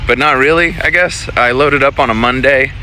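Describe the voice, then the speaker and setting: Bright-voiced easygoing trucker vlogging outdoors. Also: male voice, medium pitch, moderate pace, a little hiss or hum. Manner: rambling, easygoing, self-correcting. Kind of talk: casual vlog talk.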